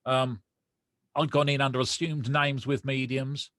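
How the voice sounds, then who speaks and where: A man from Romford, a podcast guest who tells a personal story and acts out the dialogue with lively energy. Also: mid-range voice, measured pace, dry recording. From Romford, England.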